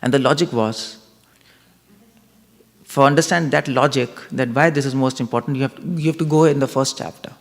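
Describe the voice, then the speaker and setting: A man lectures on scripture in a gravelly voice, questioning and reasoning aloud as he draws in his listeners. His voice rings out with a long reverb through a large temple hall. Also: medium pitch, steady tone, fairly quick. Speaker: spiritual lecturer. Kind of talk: interactive spiritual lecture.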